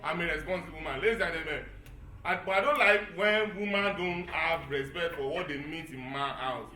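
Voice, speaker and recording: A Nigerian man in his thirties doing stand-up comedy, animated and acting out voices as he tells a story to a live audience. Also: fairly high pitch, a little fast, echoey room. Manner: animated, acts out voices with Yoruba phrases. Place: event hall before a live audience.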